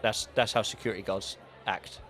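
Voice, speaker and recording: A man's voice: on the low side, fairly even intonation, normal speed, fairly bright tone. A young man from the south of England with a southern English accent, co-hosting a casual podcast chat and telling stories in a dry, teasing way. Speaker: podcast co-host.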